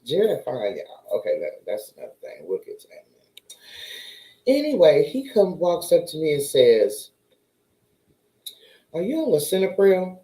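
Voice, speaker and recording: A woman's voice: sits low, wildly swooping pitch, moderate pace, long pauses, mellow, roomy sound, low-quality recording. A woman chatting casually to her viewers, telling a story and acting out the voices of the people in it. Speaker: vlogger.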